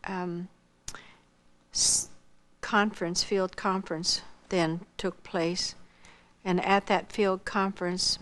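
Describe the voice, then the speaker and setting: Older woman telling her testimony, earnest. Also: lowish voice. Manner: earnest, acts out remembered dialogue, drops to a hush at tender moments. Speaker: missionary giving testimony. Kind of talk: personal testimony storytelling.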